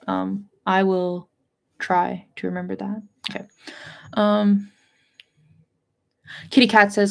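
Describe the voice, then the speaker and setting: A woman talks through a book on a casual livestream, rambling and chatty. Her pitch sits in a middling range, and she peppers her talk with filler words and offhand swearing. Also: level tone, takes it slowly, creaky, pauses often. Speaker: host of a book discussion channel.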